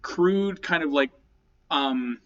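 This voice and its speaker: A man's voice: a little high, slow pace, highs cut off. A man narrating as game master of a tabletop game, describing scenes loosely with many fillers and restarts.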